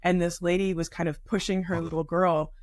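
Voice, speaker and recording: An American woman, a podcast guest and life coach, tells personal stories in a relaxed, lively way, with sudden pitch jumps when she mimics other people. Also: a little fast, no echo, clean studio sound. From United States. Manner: animated, acts out quoted people with sharp pitch jumps. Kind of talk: casual conversational storytelling.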